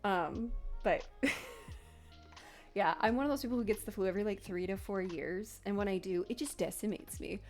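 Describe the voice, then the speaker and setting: A woman's voice: medium pitch, darkish tone. A young woman chatting and rambling while she knits on a live stream, laughing often and still getting over an illness. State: recovering from being sick. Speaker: knitting streamer. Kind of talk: casual chat while knitting on a live stream.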